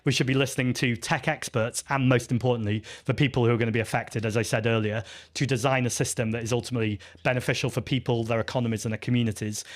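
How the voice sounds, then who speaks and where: A man, a party leader, answering audience questions at a live festival Q&A in an earnest, chatty, self-deprecating way, with frequent ums and restarts. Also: mid-range voice.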